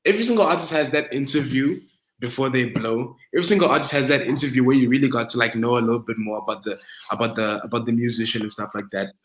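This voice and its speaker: A man's voice: mid-range voice, fast. A young man hosting an interview, hyped and affirming, often repeating himself. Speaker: interview host. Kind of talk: casual interview chat. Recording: echoey room.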